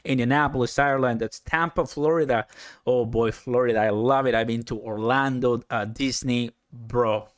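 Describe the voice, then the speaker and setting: A man hosting a casual live stream, chatting excitedly, laughing often and answering viewer comments. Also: mid-range voice, moderate pace, dry recording, clean studio sound.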